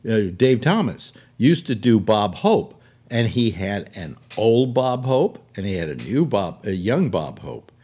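A man's voice: fairly low pitch, a little mellow. An older man hosting a casual chat, rambling with many restarts. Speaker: talk show host.

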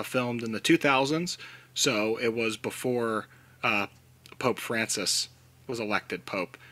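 A man hosting a podcast in casual chat, animated and slipping into mock-dramatic quoted voices. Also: medium pitch. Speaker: podcast host.

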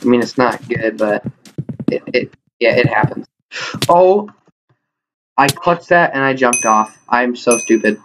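A young man giving live commentary over his own gameplay, excitable and self-mocking, often crying out in disbelief. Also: mid-range voice, a little slow, long pauses, music in the background. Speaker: gaming YouTuber. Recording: noisy home recording with mouse clicks.

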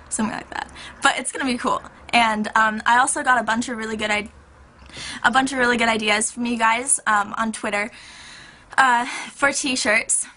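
Young woman vlogger, bright and hyper, rambling chat, slightly high voice. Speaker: YouTuber. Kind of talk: casual vlog chat.

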